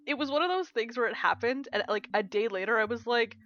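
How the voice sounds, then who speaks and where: A young woman co-hosting a podcast, chatting casually, swearing freely and laughing often as she retells things with animated energy. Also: a little high, quick pace, lo-fi sound, music in the background. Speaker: podcast co-host. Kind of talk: casual chat.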